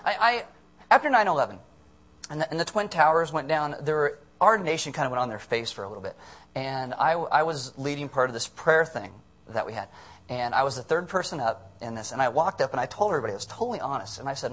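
A man preaching a casual, conversational sermon, animated and often acting out the people in his story. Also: medium pitch, fast talker.

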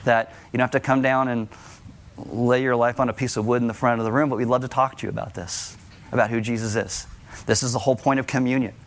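A man's voice: medium pitch, steady tone, fast. A man preaching a sermon at a church service, speaking in an earnest, conversational way with light self-deprecating asides. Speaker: pastor.

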